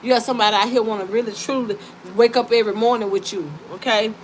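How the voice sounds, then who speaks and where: On a casual live stream, a fast-talking woman with a voice on the high side reads cards for her viewers. She jokes at them teasingly, cusses, and keeps breaking into laughter, with a constant hum of background noise behind her.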